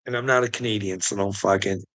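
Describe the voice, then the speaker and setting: A man's voice: on the low side, fairly even intonation, fast, fairly bright tone. A man delivering a profane, taunting rant as an online commentator, mocking his listeners with laughs and repeating words for emphasis. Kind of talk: ranting monologue to camera.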